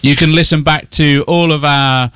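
A man hosting a podcast, interviewing his guest in a relaxed, affirming way with gentle jokes. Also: a little high, moderate pace, a little hiss or hum. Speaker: podcast host. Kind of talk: casual interview.

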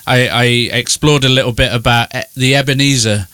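A man hosting a podcast, interviewing his guest in a relaxed, affirming way with gentle jokes. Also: mid-range voice, a little fast, no echo. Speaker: podcast host. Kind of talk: casual interview.

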